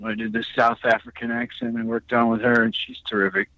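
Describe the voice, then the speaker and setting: A man's voice: medium pitch, animated, fairly quick, creaky, bright, forceful tone, no echo. A middle-aged man, the actor guest in an interview, talking in a thoughtful, rambling way with restarts. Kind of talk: interview conversation. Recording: slightly muffled dry sound.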